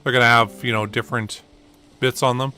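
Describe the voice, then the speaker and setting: A man talking casually over his gameplay, wandering off into stories and filling gaps with ums and uhs. His voice is bright and forward, sitting at an everyday middle pitch. A faint hum of game sound stays underneath. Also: steady tone, fairly quick. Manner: rambling, lots of fillers. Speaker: gaming channel host.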